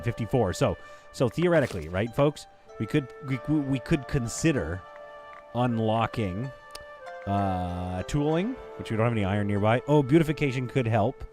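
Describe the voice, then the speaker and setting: A man's voice: mid-range voice, lively intonation, moderate pace, over music. A man streaming a strategy game, rambling and thinking aloud as he chats with his viewers. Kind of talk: casual gameplay commentary.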